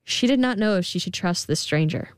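A woman reading a fairy tale aloud in an expressive, gentle storybook style. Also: lowish voice, fairly quick, no room sound, clean studio sound. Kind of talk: storybook narration.

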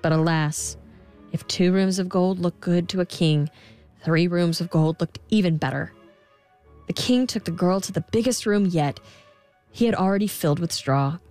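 A woman reading a fairy tale aloud in an expressive, gentle storybook style. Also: on the low side, normal speed, faint music behind. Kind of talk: storybook narration.

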